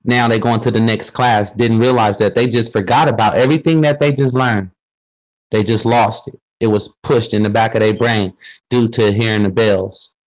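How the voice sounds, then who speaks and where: A man in a casual group talk, explaining his views with slang and quick asides. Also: on the low side, fairly even intonation, poor audio. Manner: explains with questions and street slang. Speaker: speaker in a group discussion. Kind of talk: casual conversational monologue.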